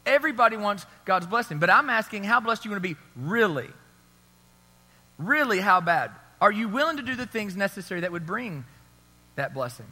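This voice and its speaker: A man's voice: high voice, lively intonation, a little fast, sharp tone. A man in his thirties preaching a sermon, telling a story in a conversational way and asking the crowd for agreement. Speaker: pastor. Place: church hall. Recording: long hall reverb.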